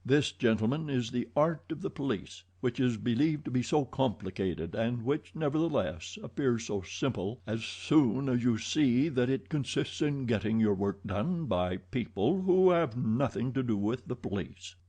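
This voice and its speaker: A man's voice: mid-range voice, lively intonation, moderate pace, few pauses, a little mellow, breathy edge. A man voicing a self-satisfied police official in an audiobook, lecturing in a pompous tone.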